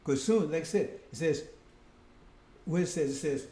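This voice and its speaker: High-voiced man preaching in an echoey room. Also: moderate pace, long pauses, mellow. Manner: conversational preaching with frequent "see?" and "right?". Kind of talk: sermon.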